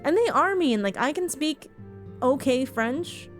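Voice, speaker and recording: A woman from Ontario, Canada, live-streams a game and chats casually and frankly with her viewers, swearing now and then. Her voice sits high and animated, her pace unhurried, with faint music in the background.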